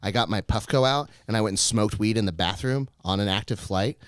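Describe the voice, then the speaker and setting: A man's voice: on the low side, brisk, smooth, dry recording, clean studio sound. A young man, a comedian co-hosting a podcast, telling rambling stories in casual chat and laughing often.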